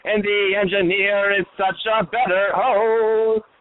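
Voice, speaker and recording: A man's voice: sits high, flat delivery, slow. A male caller reciting a mocking rhyme over the phone. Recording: phone-like voicemail.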